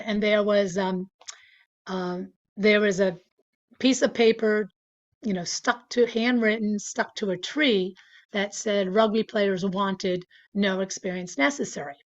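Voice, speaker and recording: A woman's voice: medium pitch, fairly even intonation, measured pace, highs cut off. A woman in her sixties, chatting casually as an interview guest, with lots of fillers and frequent laughter. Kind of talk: casual storytelling.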